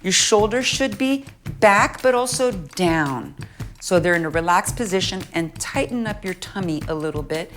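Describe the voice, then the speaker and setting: A woman's voice: on the low side, expressive, normal speed, fairly bright tone, soft background music. Encouraging woman leading a stretching class. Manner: encouraging, praising often, playful. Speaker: children's music and movement teacher. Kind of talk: guided stretching instruction for kids.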